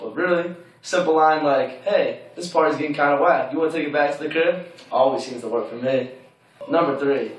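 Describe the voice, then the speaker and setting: A man's voice: mid-range voice, distant mic. A young man, a college student, giving frank dating advice in a laid-back, casual vlog segment. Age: young adult. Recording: very echoey room, voice off-mic.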